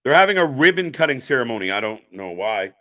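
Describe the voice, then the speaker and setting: A man's voice: medium pitch, big pitch swings, fast, pushed and bright. A man hosting a live watch-party stream, giving loose, profane commentary and answering chat. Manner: profane, rambling, jokey, chats with viewers. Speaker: live stream host reacting to wrestling.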